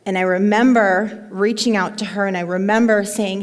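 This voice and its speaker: A woman telling a heartfelt personal story to her team in an emphatic, animated way, in front of a live audience. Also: medium pitch, normal speed. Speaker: motivational speaker to her team. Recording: long hall reverb.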